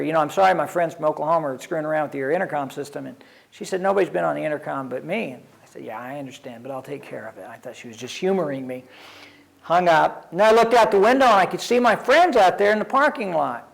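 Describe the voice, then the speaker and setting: Sharing his personal path through recovery, an older addiction counselor speaks conversationally, wry and self-deprecating. The audio is poor, and his voice is high-pitched and creaky.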